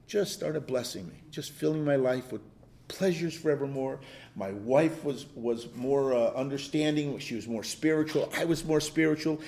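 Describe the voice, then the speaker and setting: Leading a Bible study, an older man teaches conversationally in a warm, slightly high voice. He tells stories in a meandering, chuckling manner and often starts over.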